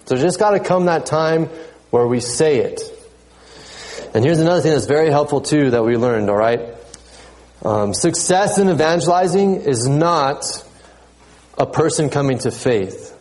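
A man preaching a sermon in a relaxed, conversational way, often repeating words and pausing on fillers. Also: a little high, rough recording. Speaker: pastor.

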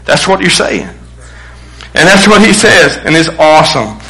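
A middle-aged male pastor preaching a sermon, animated, acting out quotes with bursts of shouting. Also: high-pitched, moderate pace, rough recording.

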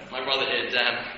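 A man preaching a sermon, animated and humorous, with asides to the congregation. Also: mid-range voice. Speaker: pastor. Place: church hall. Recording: echoey hall with dull lo-fi sound and clear noise.

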